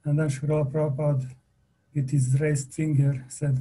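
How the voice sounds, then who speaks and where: Slow, husky man telling a devotional story. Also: a little high, flat delivery, poor audio. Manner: halting, many pauses and fillers, laughs softly.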